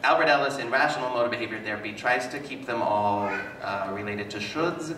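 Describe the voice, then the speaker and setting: A man giving a live talk as a psychotherapist, telling stories with animated, self-mocking humor to an audience. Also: medium pitch, fairly quick. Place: hall with an audience. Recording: echoey hall, mic at a distance, noisy.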